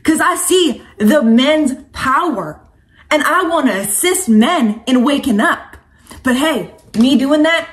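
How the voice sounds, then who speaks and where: A woman's voice: sits high, lively intonation, slow. A woman coach and vlogger giving an impassioned, preachy monologue to camera, casual and slangy, calling viewers sweetheart and honey.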